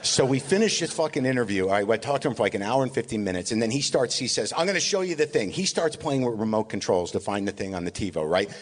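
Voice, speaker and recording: A man doing live comic storytelling, animated and rapid-fire, acting out the dialogue. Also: on the low side, long reverb tail. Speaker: guest comedian.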